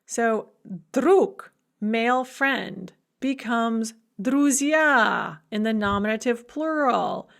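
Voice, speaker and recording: A woman giving a recorded grammar lecture, explaining slowly and deliberately, with enthusiastic asides. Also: on the high side, creaky, fairly bright tone. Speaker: Russian language lecturer.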